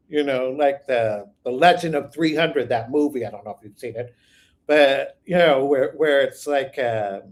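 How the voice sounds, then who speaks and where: A man with a fairly high voice hosts a live viewer Q&A on his own channel. He rambles and thinks out loud as he answers, and often circles back on his own sentences. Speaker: psychic channel host.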